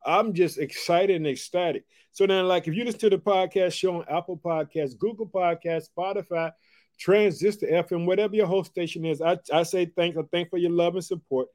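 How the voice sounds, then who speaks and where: A man's voice: high voice, a little fast. A man from Chicago hosting a devotional podcast, talking with energy and repetition in a folksy, encouraging way. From Chicago, Illinois. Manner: energetic, repetitive, folksy, calls listeners "family" and "boy". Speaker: podcast host and preacher. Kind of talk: enthusiastic devotional podcast talk.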